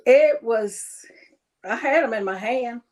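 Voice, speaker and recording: A woman speaking as an interview guest, telling her story in a halting way with many pauses. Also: a little high, darkish tone. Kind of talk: personal interview testimony.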